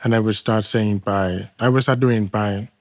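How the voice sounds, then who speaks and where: A man from Thailand with a Thai accent tells a personal testimony in earnest, halting English and acts out the dialogue as he goes. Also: lowish voice, steady tone. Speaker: testimony guest.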